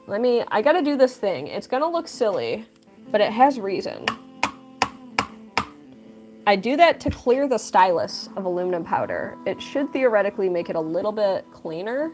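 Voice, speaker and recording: A young woman hosting a casual livestream, reading chat aloud, laughing often and telling stories with lively quoted voices. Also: normal speed, music in the background. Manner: animated storytelling with big pitch jumps in quotes. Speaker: livestream host and artist.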